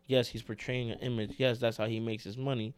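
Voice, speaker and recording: A man's voice: medium pitch, a little fast, smooth, no echo. Slangy man co-hosting a podcast. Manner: animated, slangy, says "bro" a lot. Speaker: podcast co-host. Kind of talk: casual podcast chat.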